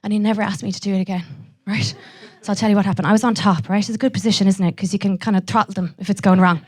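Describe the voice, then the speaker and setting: A young Irish woman doing a live stand-up set, brash and profane, throwing quick asides to the audience. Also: medium pitch, steady tone. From Ireland. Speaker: stand-up comedian.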